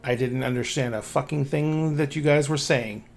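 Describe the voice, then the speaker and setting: A man voicing a blunt, wry young woman in a tabletop game, deadpan and swearing casually. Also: mid-range voice, normal speed, lightly acted.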